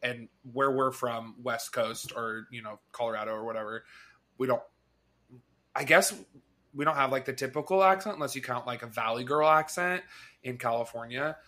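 A man's voice: medium pitch, normal speed, sharp tone. A man from the United States co-hosting a podcast, chatting casually and asking questions. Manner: chatty, upbeat, asks questions. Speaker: podcast co-host. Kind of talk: casual chat.

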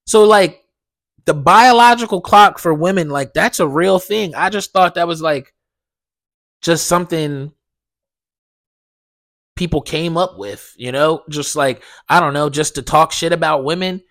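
A young man hosting a podcast, telling a dream story in a casual, animated way, swearing a lot and acting out the dialogue. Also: fairly high pitch, a little slow, long pauses. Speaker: podcast host.

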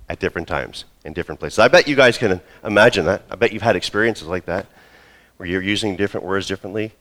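Deep-voiced man preaching a sermon. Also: expressive, fast, fairly bright tone. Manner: storytelling, acts out quoted voices. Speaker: pastor.

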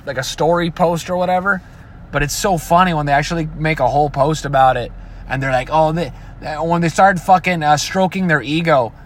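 A man with a fairly high voice rants casually and profanely, swearing freely and slipping into mocking imitations of other people. He sounds like he is talking inside a vehicle, with car noise behind him. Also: fairly bright tone. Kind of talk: casual rant.

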